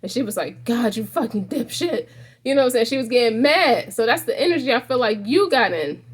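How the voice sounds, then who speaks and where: A woman's voice: fairly high pitch, expressive, fast, slightly rough. A woman giving a casual tarot reading to the viewer, rambling and restarting her sentences often. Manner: rambling, frequent restarts, addresses viewer directly. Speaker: tarot reader.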